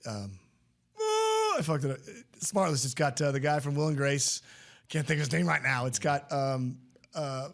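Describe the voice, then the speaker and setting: A man's voice: mid-range voice, steady tone, moderate pace, gravelly, fairly bright tone. A man hosting a podcast in casual chat, rambling and chatty with frequent laughs and restarts. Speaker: podcast host.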